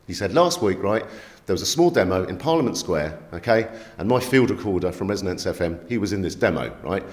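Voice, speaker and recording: A man, a magazine editor telling stories in an animated interview, emphatic and streetwise, often checking in with "yeah?" and "right?". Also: low-pitched, brisk. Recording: echoey room.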